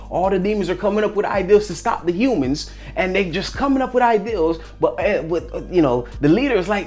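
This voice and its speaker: A man's voice: high-pitched, a little fast, soft background music. A man giving a casual motivational talk, acting out little stories and characters. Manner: animated storyteller, acts out characters, repeats phrases. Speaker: motivational vlogger.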